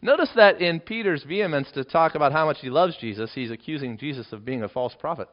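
Slightly high-pitched and quick, a man delivers an emphatic expository Bible sermon. His readings of quoted lines rise into dramatic swells. It's captured on a dull, lo-fi recording.

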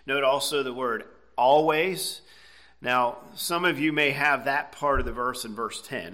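A man's voice: medium pitch, pushed and bright. A middle-aged man preaching a sermon, explaining a passage in a conversational way and checking in with "okay?" and "right?". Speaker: pastor.

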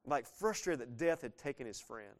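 A man's voice: medium pitch, expressive, moderate pace. A man in his thirties, a pastor giving a casual, earnest verse-by-verse sermon with sudden swells of emphasis.

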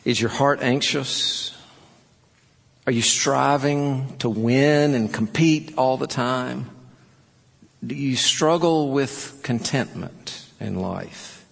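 A man's voice: medium pitch, slow pace, creaky, fairly bright tone, long reverb tail. A man preaching a sermon in an earnest, urging way, telling stories to make his point. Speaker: pastor.

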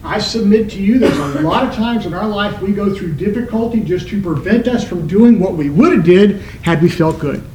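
A male pastor delivering a sermon in a high voice, leaning on words with sudden emphatic rises and drops in pitch. The sound carries a roomy echo, as from a church hall. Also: lively intonation, moderate pace, hardly any pauses, darkish tone, a little hiss or hum. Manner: preaching with emphatic shifts in pitch.

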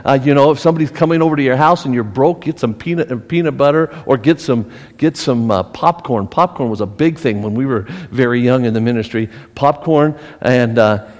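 A middle-aged man teaching a Bible study as pastor, animated and asking his listeners questions. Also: medium pitch, a little fast, few pauses, big-room sound. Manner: animated, asks the group questions, acts out scolding voices.

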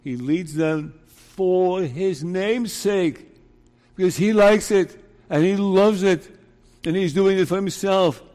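A man preaching a sermon as pastor, deliberate and emphatic, asking his listeners rhetorical questions. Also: high voice, a little mellow. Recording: long reverb of a large hall.

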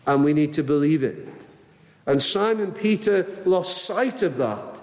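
A man's voice: on the high side, animated, a little slow, darkish tone. A man preaching an earnest, emphatic sermon and acting out the Bible quotes he tells. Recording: long reverb of a large hall.

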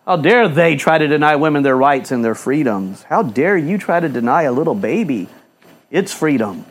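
A man's voice: fairly high pitch, animated, normal speed. A male pastor preaching a fiery sermon in a church, firing off rhetorical questions and repeating phrases for emphasis.

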